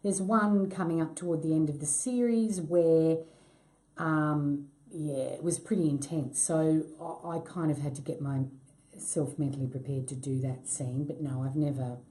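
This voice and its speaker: A middle-aged actress in a casual interview, self-deprecating, laughing easily and swearing when she gets excited. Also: deep voice, unhurried. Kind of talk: casual chat.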